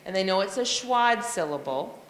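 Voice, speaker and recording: A woman teacher walks colleagues through a phonics sequence, spelling out letters and sounding out chunks in an even, explanatory way. Her voice sits at a middle pitch for a woman. The room lends her a long, trailing reverb, like a hall. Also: moderate pace. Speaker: reading teacher. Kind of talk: professional development talk to teachers.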